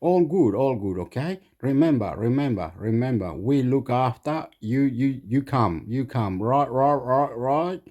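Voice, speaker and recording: A man's voice: mid-range voice, expressive, a little slow, few pauses, darkish tone, muffled recording. A man voicing his older, pushy, hot-tempered uncle who speaks repetitive broken English. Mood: coaxing.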